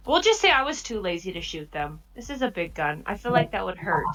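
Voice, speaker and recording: A woman's voice: mid-range voice, big pitch swings, a little fast, a bit bright, faint music behind. A woman chatting casually as a player in a tabletop game, a little hesitant.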